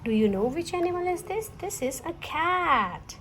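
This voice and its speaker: A young woman teaching toddlers, asking questions in a slow singsong way. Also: very high voice, animated, background noise. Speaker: children's teacher.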